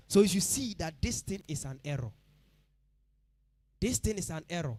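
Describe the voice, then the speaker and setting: Emphatic Ghanaian preacher, high voice. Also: male voice, big pitch swings, moderate pace, no room sound. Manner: emphatic, repeats phrases, questions the congregation directly. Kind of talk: midweek church sermon. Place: church service.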